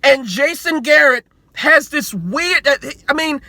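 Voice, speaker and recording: A man's voice: extremely high pitch, animated, a little slow, hardly any pauses, bright, forceful tone, no echo. A man in his twenties, a sports vlogger, ranting in heated commentary with repeated rhetorical questions and free swearing.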